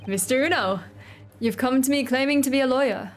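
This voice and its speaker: A woman's voice: high voice, fairly quick, a little hiss or hum, lightly acted. A woman voicing a stern, commanding male British chief judge with an attempted British accent, clipped and formal. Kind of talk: reading game dialogue aloud.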